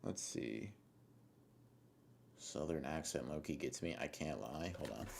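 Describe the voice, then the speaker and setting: A man's voice: a bass voice, measured pace, creaky, heavy background noise. A man streaming live, reading chat aloud and answering in a laid-back, slangy, rambling way, swearing casually now and then.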